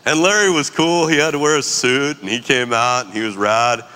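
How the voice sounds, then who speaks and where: Brief: animated, slangy storyteller in his forties, bright voice, long reverb from the hall. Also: mid-range voice, normal speed, clean tone. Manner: animated, slangy, laughs often. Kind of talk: casual storytelling.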